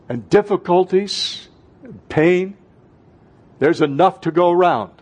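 A male pastor preaching a sermon, swinging between loud fervent bursts and soft, hushed passages, calling out to his congregation. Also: a little high, slightly rough. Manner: calls out to the congregation.

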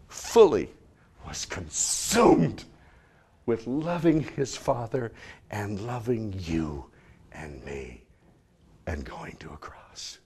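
Slow-talking preacher man. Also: lowish voice, gravelly, breathy edge. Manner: swings from hushed to loud, coaxing the congregation. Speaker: pastor. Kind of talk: sermon and prayer. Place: church service in front of a congregation.

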